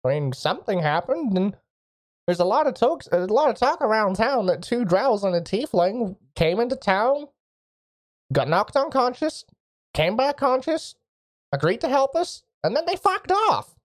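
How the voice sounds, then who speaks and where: A woman voicing an eccentric older male mage who is loud and eager, with a rustic way of talking. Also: fairly high pitch, big pitch swings, moderate pace, voice pushed up. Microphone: voice chat microphone.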